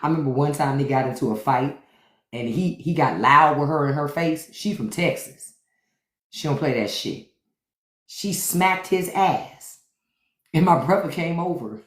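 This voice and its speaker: On a live stream, a deep-voiced podcast host gives a profane, animated comedic monologue, doing the voices of the people she describes. Her pace is measured and the audio reverberant.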